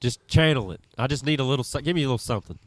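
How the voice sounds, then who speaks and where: A man, the show's producer, chiming in with rambling, halting requests. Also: mid-range voice, expressive. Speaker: show producer. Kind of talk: casual chat.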